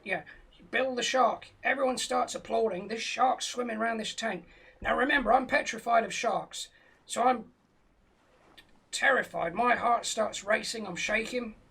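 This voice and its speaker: A man's voice: sits high, creaky, pushed and bright, breathy edge. A British man telling a rambling, profane comic tall tale with a straight face on a live stream. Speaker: comedian telling a story.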